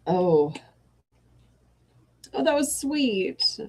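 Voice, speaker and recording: A woman's voice: on the low side, expressive, unhurried, darkish tone. A woman hosting a live evening story reading who chats with her viewers between passages and breaks in with apologetic asides. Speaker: host of an evening reading stream. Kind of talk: reading stories aloud to a live chat.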